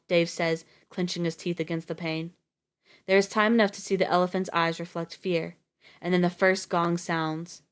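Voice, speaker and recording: A woman reading a novel aloud on a live stream, steady with the odd slip and restart. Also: on the low side, brisk.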